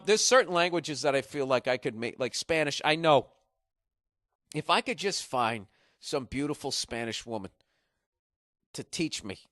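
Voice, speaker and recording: A man's voice: medium pitch, fairly bright tone, no echo, clean studio sound. A man from Massachusetts, hosting a podcast in a rambling, profane comedic monologue. He is jet-lagged. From Massachusetts, USA. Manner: profane, sarcastic, riffing. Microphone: podcast studio mic.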